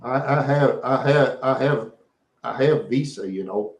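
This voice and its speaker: Rambling live-stream host, a man who repeats lines over and over, medium pitch, roomy echo. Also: a little slow. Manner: repetitive, rambling, talks to chat viewers. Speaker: livestream host.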